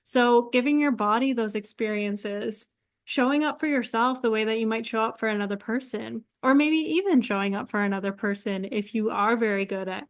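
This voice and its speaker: A young woman giving relaxed, chatty astrology advice straight to her viewers, laughing often and sprinkling in "like". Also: on the high side, moderate pace. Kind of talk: casual solo advice talk to camera.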